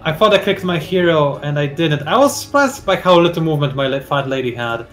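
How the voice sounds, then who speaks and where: A man's voice: on the high side, expressive, a little fast, a bit bright, soft background music. Playful man hosting a game session. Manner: playful, explains the game mode as he plays. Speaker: host and player. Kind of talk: casual gameplay commentary.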